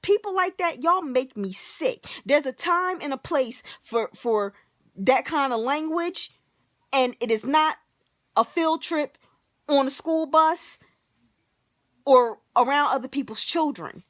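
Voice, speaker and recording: Woman vlogger, high voice, dry close sound; fiery profane rant to camera. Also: slow, no echo. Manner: animated, emphatic, profane, keeps saying "like". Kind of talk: ranting to camera.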